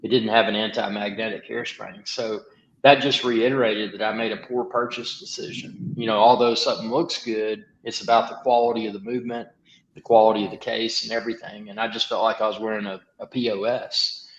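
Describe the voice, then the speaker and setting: A man's voice: lowish voice, level tone, brisk. A man chatting as a guest on a livestream and explaining at length in a casual way. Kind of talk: casual chat. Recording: echoey, dull lo-fi remote audio.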